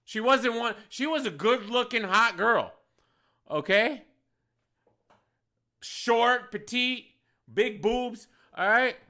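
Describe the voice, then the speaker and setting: A bar owner tells an animated story, full of swearing and emphasis. His voice sits high and sounds bright and forceful, and he often laughs as he talks. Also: slow, long pauses. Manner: profane, emphatic, laughs while telling.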